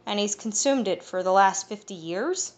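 A woman reading the measured, knowing lines of a calm fae elder man in an audiobook. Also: medium pitch, close to an everyday voice. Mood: concerned.

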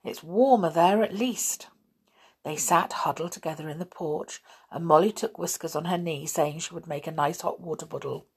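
A woman reading a children's story aloud in a gentle, expressive way. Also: deep voice, a little fast, few pauses, breathy edge. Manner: gentle, expressive, with soft laughs.

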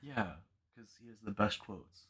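A man co-hosting a podcast, chatting casually and telling stories in an animated, playful way. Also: on the low side, normal speed, slightly rough. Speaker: podcast co-host. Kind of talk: casual chat and storytelling.

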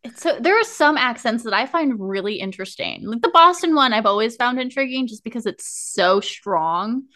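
A woman hosting a podcast interview, talking casually in an expressive, playful way. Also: a little high, normal speed. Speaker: podcast host.

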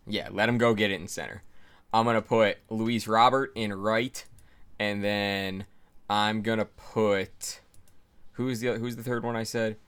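A man's voice: lowish voice, steady tone, measured pace, a bit bright, clean tone. A man co-hosting a casual sports podcast, rattling off player names and stumbling over pronunciations. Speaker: podcast co-host.

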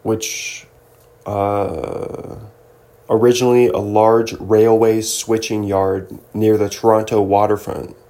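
A man's voice: fairly low pitch, flat delivery, slow pace, mellow. A man hosting a casual solo show, rambling and joking as he reads through a list, now and then slipping into silly mock voices. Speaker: podcast host.

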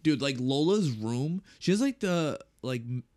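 A young man chats loosely as a podcast co-host, peppering his talk with swearing and filler words. His voice sits at a medium pitch and his delivery stays relaxed and unscripted. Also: measured pace. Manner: loose and profane, lots of fillers. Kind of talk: casual chat.

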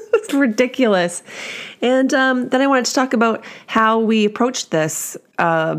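A middle-aged woman hosting a casual solo podcast from home, chatty and self-deprecating, laughing often as she talks. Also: fairly low pitch. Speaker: podcast host.

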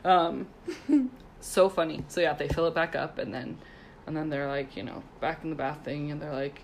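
A woman's voice: deep voice, normal speed. A woman in her thirties, co-hosting a podcast and telling a funny story in a giggly, chatty way, with lots of "like". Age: 30s. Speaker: podcast co-host. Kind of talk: casual chat and storytelling.

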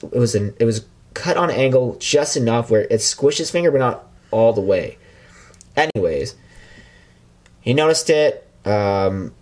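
Young man, low and husky, lively pitch, loose rambling storyteller. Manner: rambling, with many restarts and "like" fillers. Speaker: podcast guest. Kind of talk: casual storytelling.

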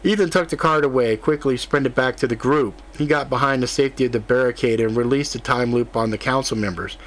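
A man narrating a fantasy audiobook in a steady, even reading voice. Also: medium pitch, fairly quick.

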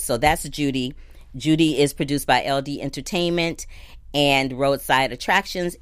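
Woman critic host, low pitch, chatty slangy delivery, casual review show. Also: no room sound. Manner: chatty, warm slang like "y'all" and "girl".

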